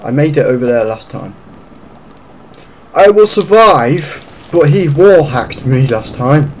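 A man commentating while playing a video game, swearing and yelling at it. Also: mid-range voice, normal speed, a little hiss or hum, poor audio. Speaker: gamer. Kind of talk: let's play commentary.

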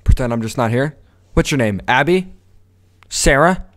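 A brash teenage guy at his home computer, cracking crude jokes and teasing strangers over video chat. His voice sits at an ordinary middle pitch and his delivery is loose and cocky. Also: expressive, moderate pace. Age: late teens. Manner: brash, teasing, vulgar joking. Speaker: vlogger chatting with strangers.

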